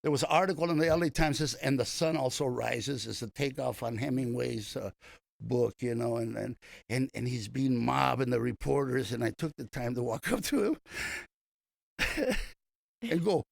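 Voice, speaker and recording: A man's voice: medium pitch, fairly quick, creaky, no echo. An older man from East Los Angeles, a comedian guest telling rambling anecdotes in a casual interview, with many restarts and fillers. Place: radio studio.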